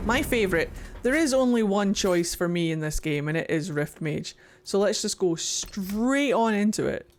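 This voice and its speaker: An Irish woman streaming a video game, chatting excitedly with jokes and swearing in casual let's-play commentary. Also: mid-range voice, moderate pace, hardly any pauses. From Ireland. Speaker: gaming streamer.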